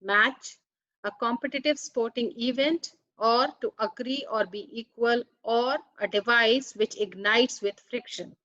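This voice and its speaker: A woman's voice: a little high, fairly bright tone, no room sound, lo-fi sound. A woman teaching an English grammar lesson, carefully reading out words and their meanings one by one. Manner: careful, deliberate, reads out word meanings one by one. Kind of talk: slow explanatory grammar lesson.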